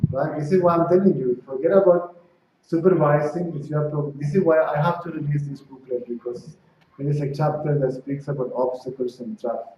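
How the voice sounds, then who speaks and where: A spiritual teacher gives a satsang talk to a small audience, speaking conversationally and often checking in with "right?" and "see?", and he acts out dialogue when telling stories. His voice is on the high side. The recording comes from a distant, echoey room and sounds dull and lo-fi with faint noise.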